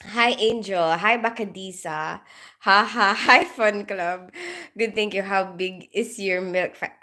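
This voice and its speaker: Speaking slowly with a sharp tone in a mid-range voice, a middle-aged nurse chats casually on her livestream. Having just woken from night shifts, she giggles a lot and says hello to viewers by name.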